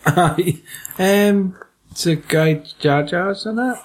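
A man's voice: high voice, slow, a crowd in the background. A man with a Scottish accent, co-hosting a casual film podcast, swearing and laughing through jokey banter. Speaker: podcast co-host.

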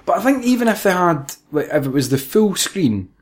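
Lively Scottish man, sweary film chat. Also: high voice, a little fast. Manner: sweary, laughing, acts out silly voices. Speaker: podcast co-host. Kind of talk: casual film review chat.

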